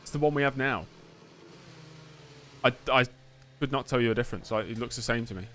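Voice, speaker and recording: A man's voice: medium pitch, a little fast, fairly bright tone, slight background noise. A man streaming live gameplay of a racing game, chatting and joking as he answers messages from his chat.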